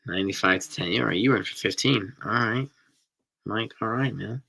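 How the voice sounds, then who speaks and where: Low-voiced new guy chatting w his stream, bright edgy tone, rambly. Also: brisk, gravelly, slightly rough. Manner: chatty, rambling, enthusiastic about food. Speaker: host reading live chat. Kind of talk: casual live-stream chat.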